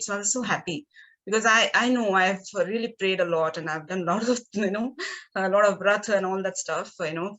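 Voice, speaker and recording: This woman talks through something painful as a coaching client. Her voice sits at an ordinary middle pitch, and she speaks in a halting way, pausing and restarting as she searches for words. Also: a bit bright, poor audio. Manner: hesitant, halting, with many pauses and restarts. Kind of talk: emotional personal conversation.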